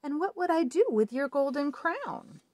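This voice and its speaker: A woman voicing a small, ugly, persistent male frog in a children's storybook read-aloud, in a high wheedling voice. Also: expressive, moderate pace, no echo, clean studio sound. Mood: coaxing.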